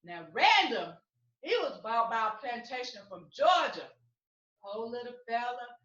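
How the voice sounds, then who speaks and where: A woman's voice: on the high side, very animated, unhurried, a bit bright. A woman storyteller giving a theatrical, emphatic dramatic performance. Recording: echoey room, far from mic, dull.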